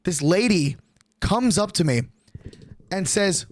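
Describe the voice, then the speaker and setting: A man's voice: sits high, expressive, slow, dry recording. A young man streamer telling a story in casual, profane, rambling talk.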